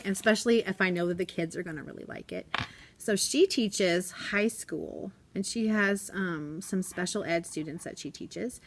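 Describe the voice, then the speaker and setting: A woman's voice: medium pitch, a bit bright, slight background noise. A woman who teaches elementary school, chatting casually in a vlog from her classroom desk. She talks in a bubbly, chatty way and giggles often.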